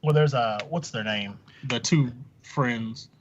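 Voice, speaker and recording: A man co-hosting a podcast, chiming in with quick reactions and teasing remarks. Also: medium pitch, lo-fi sound, a little hiss or hum. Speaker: podcast co-host. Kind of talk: casual chat.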